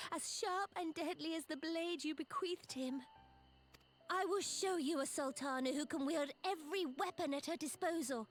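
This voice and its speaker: Young regal sultana, earnest and resolute, high, formal diction; actress. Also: female voice, lightly acted. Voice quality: formal, archaic speech. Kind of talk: video game cutscene acting. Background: game music.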